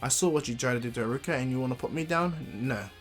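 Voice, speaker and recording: A man voicing a brash, fiery young boy ninja who shouts battle cries and brags. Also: mid-range voice, fast, faint music behind, lightly acted. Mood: threatening.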